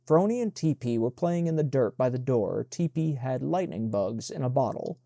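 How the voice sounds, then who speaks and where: A man narrating an audiobook in an even, measured reading. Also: mid-range voice, gravelly, no echo.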